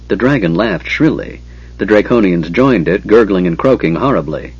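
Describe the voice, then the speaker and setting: Low husky male audiobook narrator. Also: animated, moderate pace, dry recording. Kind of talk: scripted fantasy narration. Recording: dull lo-fi audiobook recording.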